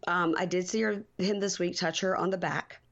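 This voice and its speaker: Woman, 40s, podcast co-host, casual recap chat, acts out quotes, lowish pitch, muffled lo-fi sound. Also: fairly even intonation, normal speed, a bit bright. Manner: retells scenes, acting out quotes in a higher voice. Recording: dull lo-fi audio.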